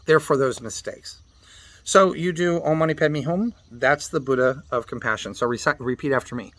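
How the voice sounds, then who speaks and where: A man's voice: mid-range voice, fairly bright tone. Man patiently teaching mantra chanting. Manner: patient explainer, spells out pronunciations and chants the syllables slowly. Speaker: meditation teacher.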